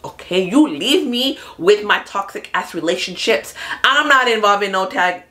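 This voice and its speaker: A woman hosting a casual TV recap, talking in an animated, chatty way, swearing freely and acting out what the characters say. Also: medium pitch, normal speed. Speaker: host of a TV recap channel. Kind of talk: casual spoilery show recap.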